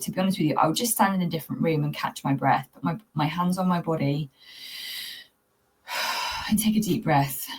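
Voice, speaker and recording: A woman coaching pet owners in a talk-to-camera video, speaking in an earnest, reflective, gently spiritual way. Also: low voice, husky. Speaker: cat anxiety coach. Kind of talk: talking-to-camera tips video.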